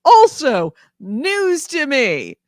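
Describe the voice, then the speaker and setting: A woman co-hosting a casual gaming news podcast, playful and chatty with quick asides. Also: high voice, wildly swooping pitch, no room sound, studio quality. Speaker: co-host.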